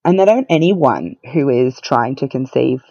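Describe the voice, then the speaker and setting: A woman's voice: extremely low pitch, lively intonation, measured pace, mellow, dry recording. A woman guest on a podcast, telling her own story in a candid, matter-of-fact way with a wry edge. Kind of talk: casual conversational storytelling. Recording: dull lo-fi dry sound.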